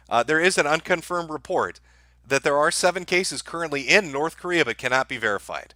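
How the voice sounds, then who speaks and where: A middle-aged man hosting a live stream, his voice bright and forceful. He talks to his chat in a crude, mocking, deadpan way. The sound is dry and close on a desk mic. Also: fairly high pitch, fairly quick, dry recording. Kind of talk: sardonic live-stream commentary.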